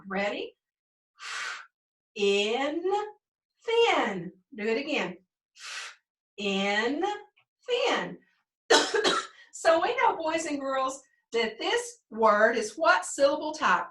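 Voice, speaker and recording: A woman teaching first grade phonics, prompting young pupils and slowly sounding out words in a sing-song way. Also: sits high, big pitch swings, a bit bright. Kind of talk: remote phonics lesson for young children. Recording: echoey room, mic at a distance.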